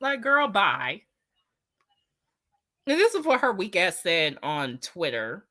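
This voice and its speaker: A woman talks straight into the mic in a blunt, indignant commentary style, swearing freely as she works through the story and reads viewer comments aloud. Her tone is bright and forward, and the sound is dry and close with no room around it. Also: fairly low pitch, very animated, slow pace, no room sound. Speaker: commentary host. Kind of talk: casual opinion commentary.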